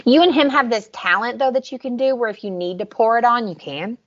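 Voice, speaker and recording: A woman's voice: on the high side, brisk, muffled recording. A woman with a Southern US accent, co-hosting a podcast in casual chat, going over scenes in detail. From American South. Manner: chatty, recaps scenes in detail. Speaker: podcast co-host.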